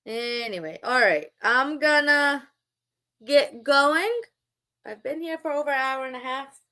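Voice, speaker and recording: A woman's voice: sits high, a little slow, bright, forceful tone. A woman live-streaming, talking back to her chat in a sarcastic, mocking and scolding way. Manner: scolding, lecturing.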